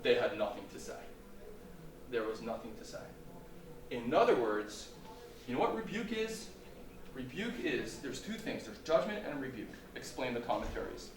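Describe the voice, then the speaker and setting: A man's voice: mid-range voice, moderate pace, a crowd in the background. A man teaching as a rabbi in a lecture, posing rhetorical questions and swinging his volume up and down for emphasis. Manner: animated, rhetorical questions, dramatic shifts in volume. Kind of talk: Torah lecture. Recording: roomy hall, distant mic, faint ambience.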